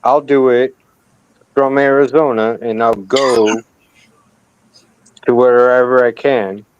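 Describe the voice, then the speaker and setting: A man who is a guest on a casual live stream, talking in a halting way, repeating himself and joking now and then. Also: mid-range voice, fairly even intonation, smooth, highs cut off.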